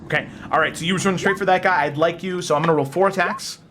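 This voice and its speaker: A man's voice: high-pitched, steady tone, noisy background. Man narrating as game master. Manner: brisk narration, rolling dice aloud.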